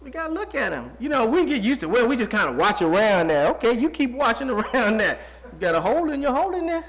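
High-voiced preacher asking the crowd questions. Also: male voice, very animated, fast talker, fairly bright tone. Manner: rhetorical call-and-response questions; conversational, folksy preaching. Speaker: pastor. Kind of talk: sermon.

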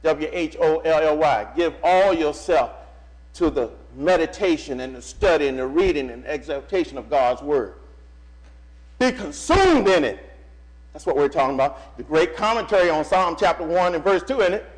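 A man preaching a sermon to his church, animated, stopping the reader to repeat and stress phrases. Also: fairly high pitch, normal speed, low-quality recording.

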